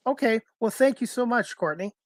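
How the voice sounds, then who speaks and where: A man hosting a live-streamed sports talk show, asking polite, halting questions. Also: very high voice, expressive, dry recording, clean studio sound.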